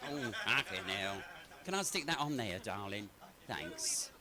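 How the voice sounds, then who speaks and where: A man's voice: lowish voice, very animated, measured pace. A man telling bawdy stories live to a pub audience, chatty and swearing freely. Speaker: comedian and cabaret entertainer. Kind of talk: live stand-up storytelling.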